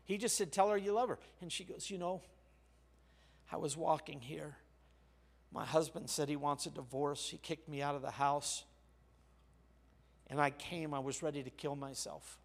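A man's voice: on the high side, normal speed, long pauses. Older man preaching a story sermon. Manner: storytelling, with big swings of loudness. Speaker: pastor.

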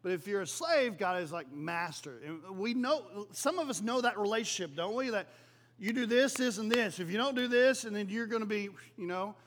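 High-pitched pastor guy preaching, chatty, keeps asking the room "right?". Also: expressive, moderate pace, fairly bright tone. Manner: conversational preaching, frequent "right?" asides. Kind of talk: sermon.

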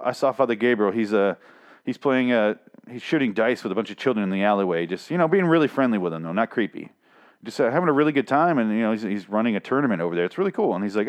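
A man's voice: mid-range voice, fast talker. A young man hosting a podcast, recapping a comic in casual, profane talk and acting out characters' lines in a raised voice. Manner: profane, animated, acts out quotes in raised voice. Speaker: podcast host.

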